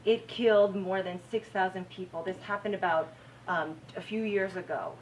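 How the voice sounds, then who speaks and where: Woman, American, news anchor, lively storytelling talk, slightly distant mic, faint room noise. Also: medium pitch, moderate pace. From United States. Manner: animated storytelling, acts out her own reactions. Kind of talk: campus talk to students. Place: university lecture room.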